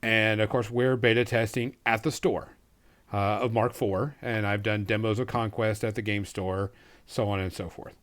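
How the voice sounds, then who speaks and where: A man's voice: fairly low pitch, steady tone, normal speed, a bit bright. A man co-hosting a tabletop gaming podcast, talking in an easygoing, hesitant way with many ums. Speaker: podcast co-host. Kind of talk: casual chat.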